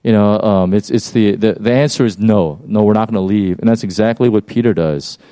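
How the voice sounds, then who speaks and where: A man preaching a casual, conversational sermon as pastor, animated and prone to restarting his phrases. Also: fairly low pitch, fairly quick, smooth, dry recording.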